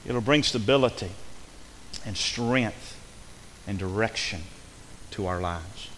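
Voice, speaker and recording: Preacher with a reverberant church sound. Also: male voice, fairly low pitch, takes it slowly. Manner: rising to fervent emphatic preaching, then dropping soft. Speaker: pastor. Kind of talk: sermon. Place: church sanctuary. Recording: reverberant hall with faint hiss.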